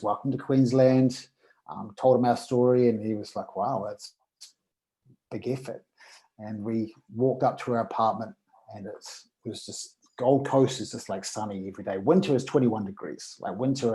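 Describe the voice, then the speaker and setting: A man, a podcast guest, telling a personal story in casual conversation and acting out the dialogue with lively energy. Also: on the low side, moderate pace, low-quality recording.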